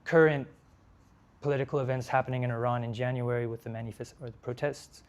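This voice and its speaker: Young male lecturer, mid-pitched, halting delivery full of fillers. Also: fairly even intonation, slight background noise. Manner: hesitant, many fillers and restarts. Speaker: lecture speaker. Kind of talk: conference talk. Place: lecture hall.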